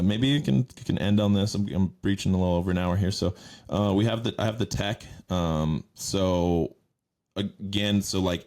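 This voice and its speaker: Podcast host, man, very low voice, loose and profane. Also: darkish tone. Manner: rambling, profane, many fillers. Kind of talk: casual chat.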